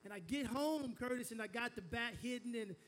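A pastor preaches a sermon built around a family story, with call-and-response as he asks the congregation to repeat after him. He frequently stammers and restarts. His voice is very high-pitched, fairly quick, and fairly bright.

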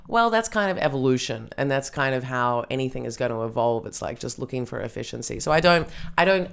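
A woman's voice: a bass voice, vocal fry, clear, resonant tone. A woman from New Zealand hosting a casual comedy podcast, talking chattily with lots of fillers and restarts. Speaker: podcast host.

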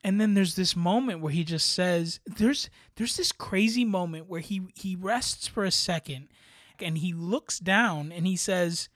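A man's voice: high voice, a little slow, a bit bright, no room sound. Earnest man praising film acting, dry sound. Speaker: podcast co-host. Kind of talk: casual film review chat.

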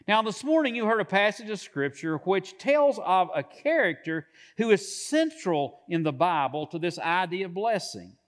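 A man with a notably high voice preaches to his congregation. He speaks in measured phrases and stretches out the words he wants to land. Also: expressive. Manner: measured preaching with drawn-out emphasis. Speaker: pastor. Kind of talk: sermon.

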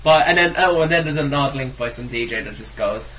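A man's voice: mid-range voice, quick pace, fairly bright tone. A teenage man with a Dublin Irish accent, co-hosting a casual home podcast from his bedroom, joking and laughing. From Ireland. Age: teens. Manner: jokey, laughing, interrupting. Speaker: co-host. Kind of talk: casual amateur podcast chat. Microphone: microphone in a makeshift setup.

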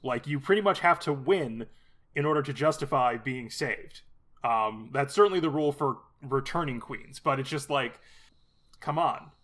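A man's voice: medium pitch, lively intonation, normal speed, fairly bright tone. A man in casual podcast chat, bluntly critical and full of fillers.

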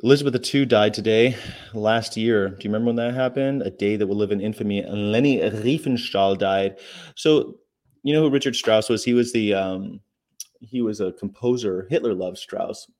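A man's voice: fairly low pitch, moderate pace, a little mellow. A man hosting a casual daily chat, rambling through the day's history with fillers and asides. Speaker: vegan channel host.

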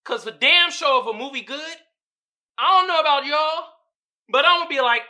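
A man hosting a podcast, in casual comedic commentary that is animated and profane, with frequent laughs. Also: very high-pitched, moderate pace. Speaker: podcast host.

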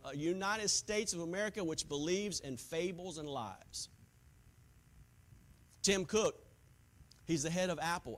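A man pastor preaching a sermon, swinging from hushed asides to shouted points. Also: sits high.

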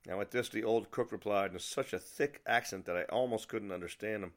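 A man's voice: lowish voice, a little fast, hardly any pauses. Wry middle-aged man telling a story. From New England. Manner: wry, lively storytelling with asides. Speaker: podcast host. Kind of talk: personal storytelling.

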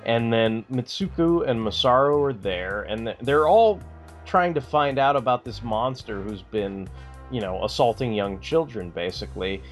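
A man's voice: mid-range voice, expressive, normal speed, soft background music. A man co-hosting a podcast, chatting casually in a rambling way with lots of fillers and swearing. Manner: rambling, filler-heavy, profane. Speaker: podcast co-host. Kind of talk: casual chat.

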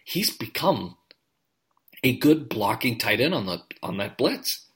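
A man co-hosting a podcast in casual sports chat, animated and full of quick restarts. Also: medium pitch. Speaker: podcast co-host.

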